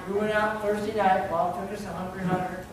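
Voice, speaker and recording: A man's voice: sits high, level tone, brisk. A middle-aged man, a pastor, telling rambling, laughing anecdotes during a sermon. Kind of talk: sermon storytelling. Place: church sanctuary. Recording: very echoey, distant mic, noisy.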